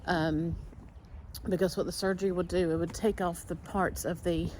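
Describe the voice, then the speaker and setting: A woman's voice: on the low side, level tone, normal speed, a little mellow, slight background noise. A woman in her forties talking candidly in a personal vlog, rambling with many fillers. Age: 40s. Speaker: vlogger.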